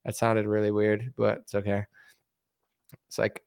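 A man's voice: on the low side, completely flat delivery, a little slow, gravelly, pauses often, darkish tone, clean tone, no room sound, studio quality. A man ranting in casual political commentary, rambling with lots of "like" and mocking impressions. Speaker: commentary streamer.

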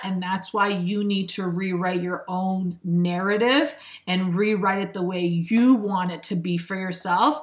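A woman speaking as a spiritual self-help speaker in a motivational monologue, earnest and preachy, often breaking into laughs. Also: fairly low pitch.

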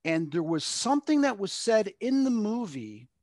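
Man, middle-aged, medium being interviewed, higher pitch, dry recording, rambling storyteller. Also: very animated, normal speed, darkish tone, no room sound. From Long Island, New York. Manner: rambling, acts out quotes with lots of "like". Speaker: medium, guest.

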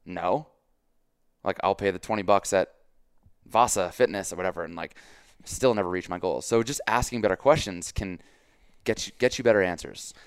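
A man's voice: sits low, brisk, clear, resonant tone, no echo, clean studio sound. A man hosting a casual podcast as a fitness coach, talking emphatically with lots of "like" and quoted dialogue.

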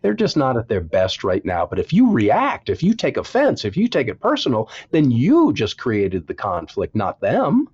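A man's voice: medium pitch, wildly swooping pitch, moderate pace, few pauses, darkish tone, husky, muffled recording. A man, an author being interviewed, giving earnest advice and repeating words for emphasis. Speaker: author and guest. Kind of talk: interview, preaching-style advice.

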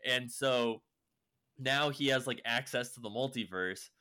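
A man's voice: mid-range voice, measured pace, sharp tone. A young man casually recapping a show, rambling with lots of fillers and swearing. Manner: rambling, heavy use of "like" and swearing.

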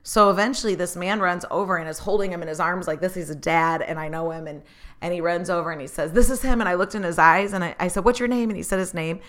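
A woman's voice: on the low side, fast talker, fairly bright tone. A woman telling a personal story in an earnest, motivational way, laughing often and getting emotional. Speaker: speaker sharing stories.

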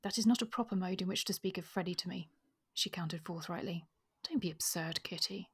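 A woman co-hosting a podcast, discussing a novel and reading passages aloud in a measured way. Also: fairly low pitch, breathy edge. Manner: reads passages in a measured, even way. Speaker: podcast co-host. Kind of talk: casual book chat with reading aloud.

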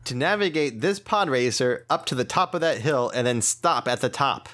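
A man's voice: medium pitch, lively intonation, moderate pace, fairly bright tone. A man playing a tabletop role-playing game in a playful, sometimes exasperated way. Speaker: player.

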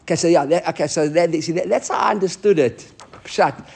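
A man leads a Talmud class, talking fast in a fairly high voice. He explains each step of the text with lively energy and drops Hebrew and Aramaic terms into his English. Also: vocal fry, slightly rough. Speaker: Talmud teacher.

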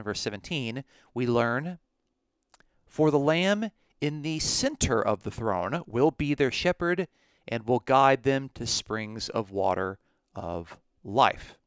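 A man teaching on scripture in a podcast, slow and emphatic, reading Greek passages aloud. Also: mid-range voice, clear, resonant tone, no echo, studio quality. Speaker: Bible teacher.

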